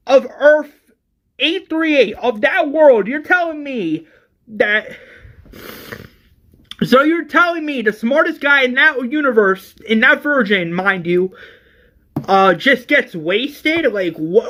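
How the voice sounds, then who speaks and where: A man giving a casual, exasperated movie review, animated and full of restarts and hesitations. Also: very high voice, slow, pauses often.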